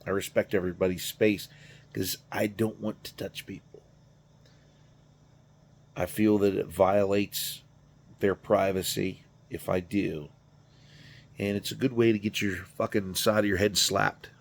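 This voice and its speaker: A man's voice: fairly low pitch, little pitch movement, unhurried, gravelly, long pauses. Tired, profane middle-aged man rambling. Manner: profane, rambling, self-deprecating. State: tired, yawning. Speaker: garage channel host. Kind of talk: casual rambling monologue.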